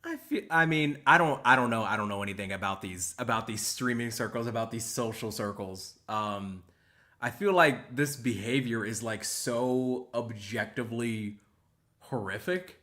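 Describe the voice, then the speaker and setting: A man with a bright, forceful voice hosting a live stream. He reacts to a clip in a casual, emphatic way, now and then calling out names from the chat. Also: mid-range voice, normal speed. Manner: animated, emphatic, reads out chat.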